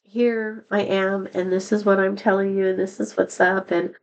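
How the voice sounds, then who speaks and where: Talking to the camera in a confessional vlog, a middle-aged woman rambles sadly and openly, her voice still not at full strength after illness. She speaks at a moderate pace with flat delivery in a mid-range voice, and the recording is muffled.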